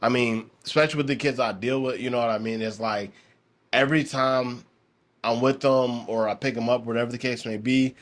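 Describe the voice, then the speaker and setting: A man's voice: medium pitch, steady tone, brisk. Laid-back man hosting a podcast. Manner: laid-back, rambling, many fillers. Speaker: podcast host. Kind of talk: casual podcast chat.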